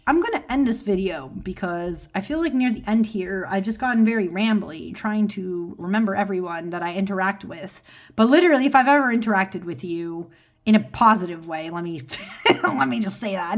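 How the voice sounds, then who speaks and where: A woman tarot vlogger from California, chatting casually to her viewers in a rambling, self-deprecating way, with lots of ums and laughs. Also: medium pitch. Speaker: tarot YouTuber. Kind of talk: casual rambling video chat.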